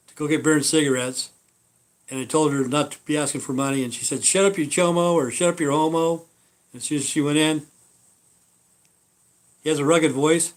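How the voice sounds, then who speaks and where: Rambling, profane man on a live stream. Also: fairly high pitch. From Idaho. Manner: profane, meandering storytelling.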